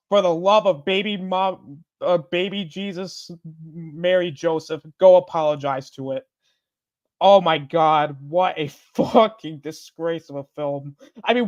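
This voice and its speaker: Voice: mid-range voice, no room sound. An adult film reviewer on a live online panel, ranting in heavily profane language over a video call. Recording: dull, dry lo-fi call audio.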